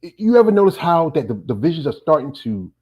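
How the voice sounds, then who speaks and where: A man's voice: a little high, very animated, fairly quick, mellow, breathy edge. A man from North Carolina hosting an interview, talking casually and rambling through anecdotes. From North Carolina, USA. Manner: rambling, talkative, tells anecdotes. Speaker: interview host.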